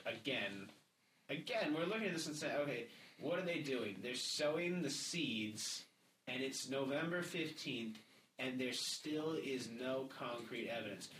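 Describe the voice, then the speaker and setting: A man's voice: medium pitch, fairly bright tone. A man co-hosting a podcast, reading quotes aloud in a casual commentary and then remarking on them. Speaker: podcast co-host. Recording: roomy, distant mic with background noise.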